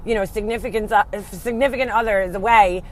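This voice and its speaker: A woman's voice: medium pitch, fairly even intonation, quick pace. A woman telling a personal story in a casual, rambling way, speaking frankly and swearing freely. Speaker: blogger telling a family story.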